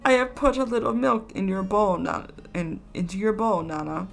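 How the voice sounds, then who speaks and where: Brief: woman reading sulky, blustering Edwardian-style dad, grumbling with a gravelly edge. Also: medium pitch, expressive, normal speed, soft background music. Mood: wheedling. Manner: blustering and petulant. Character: pompous, sulky middle-aged father.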